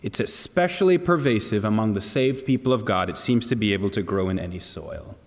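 A man's voice: fairly low pitch, animated, brisk, long reverb tail. A man preaching a sermon to a congregation, earnest and asking them direct questions. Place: church hall.

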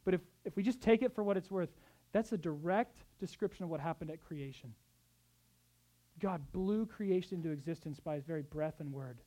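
A man preaching a sermon as pastor, swinging between soft, tender passages and loud, urgent exhortation, with conversational asides. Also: on the high side, brisk. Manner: acts out quoted speech in conversational asides.

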